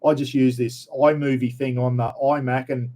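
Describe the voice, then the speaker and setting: A man's voice: mid-range voice, flat delivery, normal speed, mellow. A middle-aged Australian man hosting a casual livestream, reading out viewer comments and chatting in a blunt, jokey, rambling way full of slang. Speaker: livestream host.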